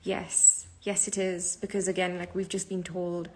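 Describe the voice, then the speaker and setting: A woman's voice: fairly low pitch, level tone, unhurried, background noise. A sleep-deprived woman hosting her podcast from a live stream, talking casually and chattily with plenty of fillers. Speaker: podcast host.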